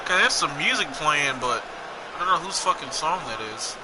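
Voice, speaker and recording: Rambling young gamer commentator, slightly high voice, noisy recording. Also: male voice, animated, brisk. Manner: rambling, joking, self-mocking. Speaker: gameplay commentator. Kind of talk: casual gameplay commentary.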